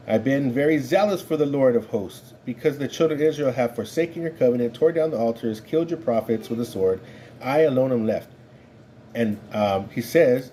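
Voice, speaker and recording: Man teaching Bible study, mellow voice. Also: medium pitch, slight background noise. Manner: conversational, keeps asking "right?".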